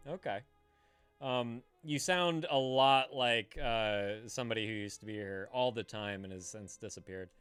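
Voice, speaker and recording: A man's voice: on the low side, unhurried, fairly bright tone, smooth, faint music behind. An American man hosting a live stream in casual chat, swearing freely and greeting viewers by name. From United States. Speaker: streamer host.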